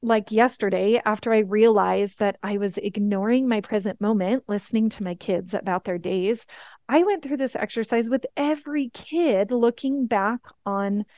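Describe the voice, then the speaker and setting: A woman's voice: mid-range voice, normal speed, darkish tone, dry recording. A woman in her thirties teaching a coaching webinar, earnest and encouraging, often checking in with "right?". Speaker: life coach.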